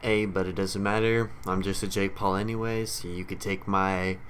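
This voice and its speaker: A man's voice: low voice, flat delivery, moderate pace, a little hiss or hum. A man streamer giving a rambling, blunt commentary rant, swearing heavily as he talks. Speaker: streamer reacting to clips.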